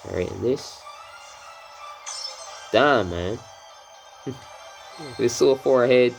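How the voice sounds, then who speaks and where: A man's voice: medium pitch, slow pace, vocal fry, soft background music. A man from Barbados giving casual, rambling commentary while playing a racing game, drifting into swearing rants. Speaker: gameplay commentator.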